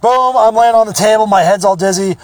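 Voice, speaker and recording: Faint music plays behind a high-pitched man talking a little fast, with no echo. He hosts a podcast and bluntly tells rambling, profane stories in a casual monologue.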